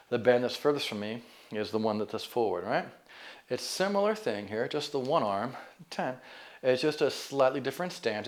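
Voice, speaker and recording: Chill guy fitness instructor counting reps, calm coaching voice, mid pitch, home workout. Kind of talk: guided exercise class with counting. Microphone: camera mic.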